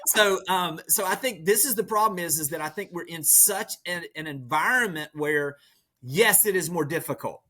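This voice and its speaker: A man, a podcast guest, speaking as an energetic motivational storyteller who leans on metaphors. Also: a little high, moderate pace. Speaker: podcast guest, real estate leader. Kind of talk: motivational conversation.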